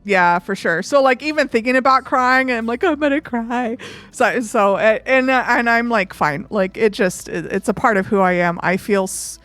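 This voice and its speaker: A woman talking to her live-stream audience in a loose, rambling way, peppering her speech with "like." Her voice sits a little high, and the sound is close and dry, with soft music underneath. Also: normal speed, hardly any pauses, dry recording. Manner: chatty and rambling, filled with 'like'; open and emotional. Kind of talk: casual live-stream chat.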